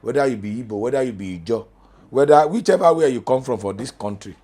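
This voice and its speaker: A middle-aged man with a Nigerian accent, a journalism lecturer talking as a studio guest in pidgin, animated and emphatic. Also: medium pitch, quick pace. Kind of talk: studio talk show in pidgin.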